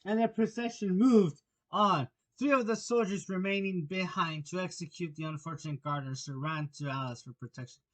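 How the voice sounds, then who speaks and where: Shrill-voiced man narrating a storybook. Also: normal speed, a bit bright. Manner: occasional slips and restarts. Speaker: audiobook narrator.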